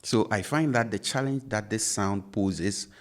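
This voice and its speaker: This language teacher, a native Twi speaker with a Ghanaian English accent, gives an online pronunciation lesson. His voice is lowish and a little slow, and he patiently repeats each sound.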